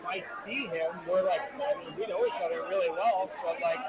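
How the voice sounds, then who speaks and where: Chatty man in a loud street crowd. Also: high voice, moderate pace. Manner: chatty, rambling, restarts often. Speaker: former government press official. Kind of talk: casual street conversation.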